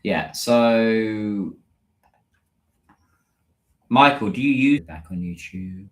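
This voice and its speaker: A British man with a low voice hosts a casual livestream, chatting with his viewers and answering their comments as they come in. His voice carries a roomy echo. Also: animated, drawn-out words. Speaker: livestream host.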